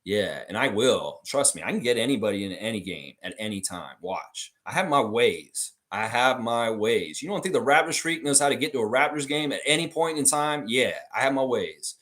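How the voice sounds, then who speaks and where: A man hosting a live sports fan stream, chatting casually as he reads viewer comments, animated and swearing freely. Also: normal speed, few pauses. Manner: animated, swings high when mocking others, swears freely.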